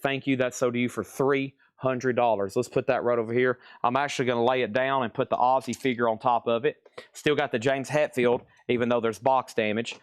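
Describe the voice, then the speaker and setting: A man's voice: medium pitch, fairly even intonation, a little fast, clean tone, no room sound. A man hosting a live-stream record sale, reading off titles and prices and calling out bidders with chatty asides. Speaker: live auction seller.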